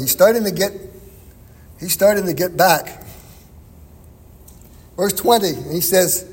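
A man's voice: sits high, darkish tone, husky, big-room sound. A man preaching an expository sermon in a conversational way, chuckling now and then. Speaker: pastor.

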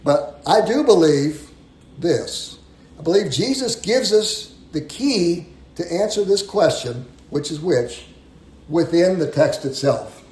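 A man with a slightly high voice teaches a sermon in an echoey hall. He talks in a conversational way, often repeating his words, and leans hard into the phrases he wants to stress. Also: animated, takes it slowly, darkish tone. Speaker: preacher. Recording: roomy echo.

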